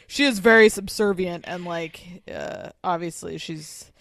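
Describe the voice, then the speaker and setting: A woman co-host steers a casual gossip chat, moving from topic to topic with many ums and likes. Her voice is low with a gravelly fry, and the sound is dry and close. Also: a little slow, a bit bright, no echo. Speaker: podcast co-host.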